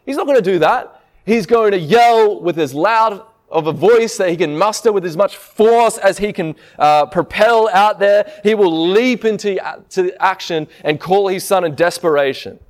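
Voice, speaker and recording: A man preaching a sermon in a slightly higher voice. He talks to the listeners in a conversational way and keeps asking them rhetorical questions. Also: moderate pace.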